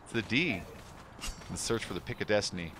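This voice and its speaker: A man's voice: fairly low pitch, animated, brisk, heavy background noise. A man chatting casually while streaming a game, rambling through movie stories and laughing often. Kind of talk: casual gaming stream chat.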